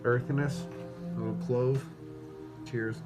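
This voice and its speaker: A man tasting and reviewing beer in a casual vlog, excitable and rambling, swearing freely and a bit tipsy after several beers. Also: mid-range voice, unhurried. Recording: music playing clearly behind the voice.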